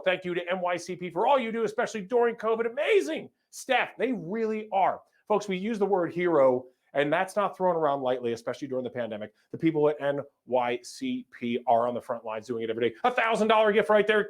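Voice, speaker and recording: A man's voice: high-pitched, fast talker, hardly any pauses. A man hosting a live fundraiser as emcee, energetically calling out donors and thanking them, sometimes stumbling over names. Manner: energetic, upbeat announcing of donors.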